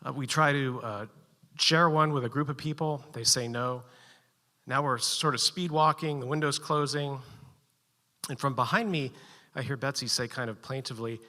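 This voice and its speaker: A man telling a personal story live at a story slam, animated and building suspense with short, punchy sentences. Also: mid-range voice, moderate pace, long reverb tail.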